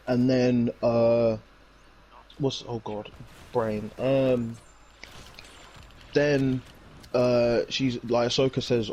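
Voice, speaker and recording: A man's voice: mid-range voice, flat delivery, normal speed, mellow, a little hiss or hum. A young man, casually recapping a TV episode in a rambling, slangy way. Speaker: reviewer. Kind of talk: casual chat.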